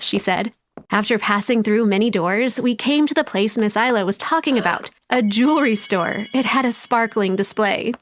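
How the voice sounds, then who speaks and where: A woman giving a first-person storybook narration, wide-eyed and expressive. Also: on the high side, normal speed.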